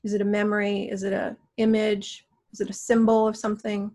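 A middle-aged woman guiding a healing session with slow, soothing, coaxing prompts. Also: mid-range voice, level tone, mellow. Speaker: energy healer guiding a session.

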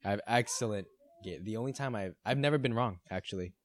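In his twenties, this podcast co-host speaks in a voice on the low side, with no room sound. The talk is casual, and he races through anecdotes with lots of laughter and swearing.

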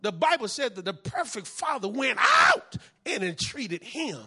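Male pastor, high bright voice, call-and-response preaching. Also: huge pitch swings, unhurried, husky. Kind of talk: sermon.

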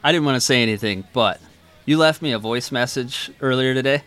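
A man's voice: medium pitch, brisk, fairly bright tone, clean tone, soft background music. A man from Wisconsin with an Upper Midwest American accent, hosting a podcast in casual chat. He rambles through stories and swears freely. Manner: laid-back, swears freely, rambling storyteller. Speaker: podcast host.

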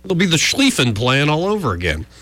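A man's voice: a little high, huge pitch swings, fairly quick, sharp tone, no room sound. A man hosting a talk radio show, wry and joking with rambling asides. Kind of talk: casual talk radio banter.

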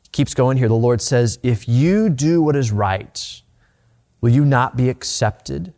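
A man delivering a sermon from the pulpit, earnest and plain-spoken. He talks straight to his listeners and often doubles up words as he drives a point home. His voice sits at an ordinary middle pitch. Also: lively intonation, unhurried, warm tone. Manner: earnest, repeats words when stressing a point. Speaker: pastor.

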